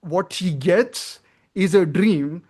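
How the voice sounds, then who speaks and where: A man's voice: sits high, slow, a little mellow, husky. A man, hosting a casual film podcast, talking earnestly and working out his thoughts aloud with many fillers and restarts. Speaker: podcast host.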